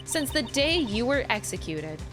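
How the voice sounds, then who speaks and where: A cool, firm woman lawyer from a video game, read by a woman. She speaks in a measured, lively way. Soft game music runs beneath her. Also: a little high. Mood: cold. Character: calm confident woman defense lawyer spirit.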